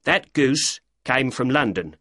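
A man's voice: medium pitch, expressive, takes it slowly, pushed and bright, breathy edge, no echo, clean studio sound, voice pushed up, full character voice. A man voicing an irritable middle-aged male poultry seller who talks defensively in an audiobook reading. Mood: grumbling.

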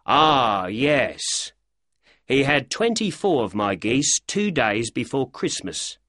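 A man's voice: mid-range voice, sing-song, takes it slowly, bright, forceful tone, no echo, clean studio sound, pitched above the performer's own voice, heavily acted. A man voicing an irritable middle-aged male poultry seller who talks defensively in an audiobook reading. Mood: grumbling.

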